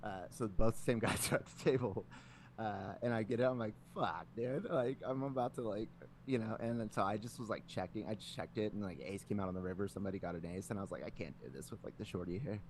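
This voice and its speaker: A man's voice: on the low side, steady tone, fast, a little mellow, a little hiss or hum. A man co-hosting a podcast, telling a long story in casual chat, rambling with many filler words and frequent swearing. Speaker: podcast co-host.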